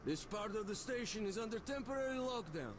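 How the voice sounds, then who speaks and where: An actor playing a polite but firm station guard in a video game, turning the hero away. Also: male voice, high voice, brisk, over a noisy crowd. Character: apologetic station guard blocking the way. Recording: game audio with steady noise.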